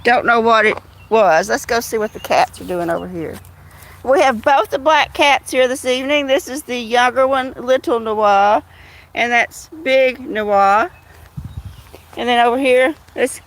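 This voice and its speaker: High-voiced woman, casual live chat outdoors, phone mic, coos at cats. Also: measured pace, fairly bright tone. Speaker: livestream host. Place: outdoors among cats in the evening.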